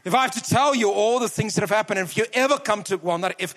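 A man preaching a sermon to a church, telling a personal story earnestly and slowing down for emphasis. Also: sits high, a bit bright, long reverb tail. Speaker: guest preacher. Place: large church hall.

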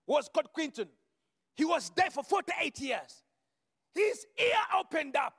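A male preacher with a strikingly high, bright voice, recorded close and dry with no room around it. He moves fervently from quiet asides to shouted declarations, often repeating a word as he restarts a phrase. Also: sing-song, a little slow, no echo, big-room sound. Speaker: visiting preacher. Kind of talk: sermon with healing testimony.

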